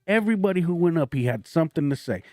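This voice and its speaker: A man's voice: on the high side, fast, no room sound. A man, a stand-up comedian, telling profane stories in casual chat and acting out the voices of the people in them. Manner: animated, profane, acts out voices in his stories.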